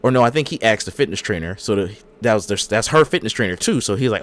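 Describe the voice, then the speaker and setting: A man's voice: fairly low pitch, animated, fast talker, hardly any pauses. A man co-hosting a casual podcast, telling a long rambling story and acting out the quotes. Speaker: podcast co-host. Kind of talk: casual chat.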